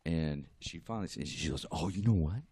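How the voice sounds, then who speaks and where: A man's voice: deep voice, a little fast, breathy edge. A man, a guest artist, telling a story in casual podcast chat, laughing and acting out what others said. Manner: animated, laughing, acts out quotes.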